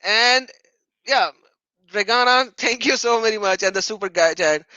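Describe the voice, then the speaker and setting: A man's voice: sits high, normal speed, pushed and bright, dry recording, dull audio. A man hosting a live-stream debate chat, taunting and sarcastic, often laughing mockingly. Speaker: livestream host.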